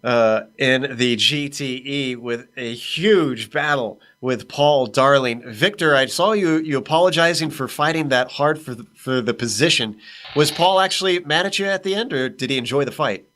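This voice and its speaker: A man's voice: medium pitch, normal speed, a bit bright. A man introducing and questioning a driver on a sim racing broadcast. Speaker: co-commentator. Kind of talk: broadcast interview.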